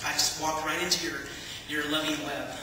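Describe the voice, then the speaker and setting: A woman giving a personal testimony as a lively storyteller, acting out the dialogue and laughing often. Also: deep voice, normal speed, slight background noise. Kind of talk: personal testimony to a church audience. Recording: echoey hall, from far off.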